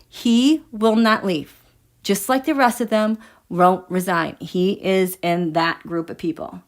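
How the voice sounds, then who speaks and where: A woman hosting a tarot and astrology livestream, chatting casually and emphatically with her viewers and reading out their comments. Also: mid-range voice. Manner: animated, emphatic, talks straight to her viewers.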